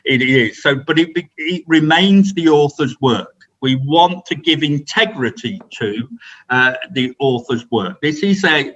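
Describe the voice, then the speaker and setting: A man's voice: mid-range voice, fairly bright tone, low-quality recording. A man giving an unscripted training talk to colleagues, rambling with many restarts and fillers. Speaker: presenter at staff training.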